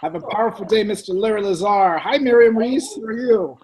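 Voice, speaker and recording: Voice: mid-range voice, a little fast, a little mellow. A person chatting casually and cheerfully with attendees as they join a video call. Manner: chatty, laughing, upbeat. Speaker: call organizer. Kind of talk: casual chat greeting attendees. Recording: clearly noisy video call line.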